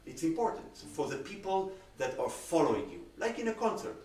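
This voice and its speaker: A man with an Israeli accent giving a cello masterclass critique, animated and full of everyday comparisons. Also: high voice, brisk. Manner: animated, uses everyday comparisons and acted-out examples. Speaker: cello teacher. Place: room on a video call. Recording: roomy sound, distant from the mic.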